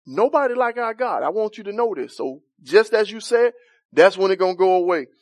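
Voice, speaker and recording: A man's voice: high-pitched, expressive, a little fast, a little mellow, no echo. A man leading an interactive Bible study, asking the group questions, chuckling often and talking in a loose, informal way.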